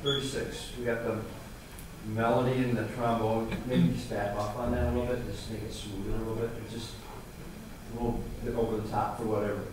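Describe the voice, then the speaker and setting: A man's voice: lowish voice, level tone, fairly quick. Man coaching a band in an echoey hall. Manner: encouraging, sings rhythms aloud. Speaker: adjudicator coaching a student brass ensemble. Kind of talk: music clinic coaching. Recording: echoey hall, voice from far off, noisy.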